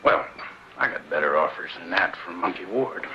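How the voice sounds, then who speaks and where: An actor playing a crude, wisecracking frontier saloon owner who jokes and swears in a coarse way, in 1970s western film acting. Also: male voice, low voice, lively intonation, normal speed. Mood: scornful. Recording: dull old film soundtrack with hiss.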